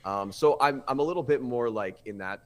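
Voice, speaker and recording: A young man telling a personal story on a podcast, animated and often stumbling over his words as he acts out what others said. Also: medium pitch, fairly quick. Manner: animated, acts out quotes with voices; stammers and restarts often. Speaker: podcast guest. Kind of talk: casual storytelling.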